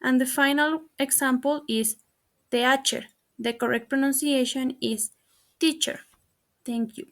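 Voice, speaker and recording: A woman student presenting pronunciation examples in a slow, careful, formulaic recitation. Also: sits high, fairly even intonation.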